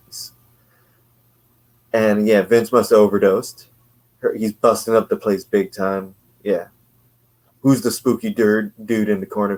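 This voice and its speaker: A man casually reviewing an old comic book, sarcastic and rambling, laughing often. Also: on the low side.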